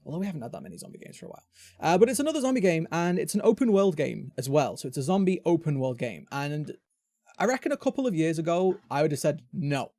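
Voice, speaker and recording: A man's voice: a little high, sing-song, quick pace, mellow, dry recording, studio quality. Chatty British man hosting a podcast. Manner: chatty, rambling, self-interrupting. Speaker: podcast host. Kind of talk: casual chat.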